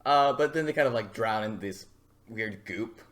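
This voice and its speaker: A man's voice: fairly low pitch, normal speed, fairly bright tone. A man co-hosting a casual anime podcast, blunt and profane, often breaking into laughter. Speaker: podcast co-host. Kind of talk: casual chat about anime.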